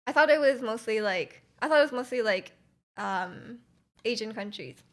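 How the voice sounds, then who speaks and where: A woman's voice: a little high, expressive, moderate pace, fairly bright tone. A woman streamer chatting casually with her livestream chat, giggling often and reacting to messages.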